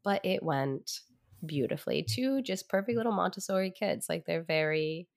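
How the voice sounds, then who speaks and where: A woman's voice: lowish voice, expressive, normal speed, creaky. A woman hosting a podcast, chatting casually with a playful, teasing manner. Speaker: podcast host.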